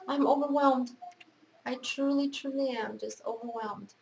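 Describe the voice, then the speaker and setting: A woman's voice: high-pitched, steady tone, unhurried, gravelly, slight background noise, poor audio. A middle-aged woman chatting at home as a craft vlogger, gushing and effusive as she shows off gifts. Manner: gushing, effusive, repeats praise words. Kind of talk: casual unboxing chat.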